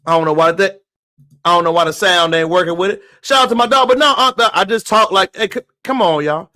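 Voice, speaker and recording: Forceful and brisk, his high, bright voice drives a preachy, emphatic live-stream commentary. He relocated to Texas from somewhere else and keeps calling his audience y'all.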